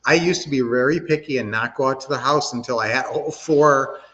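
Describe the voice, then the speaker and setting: An upbeat middle-aged man coaches his viewers on a livestream, speaking casually and cheering them on. His voice sits at an ordinary pitch, and the stream audio sounds a little dull and lo-fi. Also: brisk, a bit bright, big-room sound. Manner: upbeat, motivational, addresses viewers directly. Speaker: livestream host, real estate coach.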